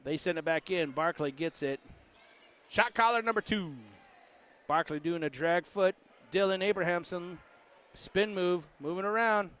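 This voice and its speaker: A man with a high voice calls a basketball game play by play in an easy, joking way. He keeps up a running patter and makes up lines for the players, with a ball bouncing faintly in the gym behind him. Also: a little slow, long pauses, a bit bright, clear, resonant tone. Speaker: play-by-play announcer. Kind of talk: casual sports commentary.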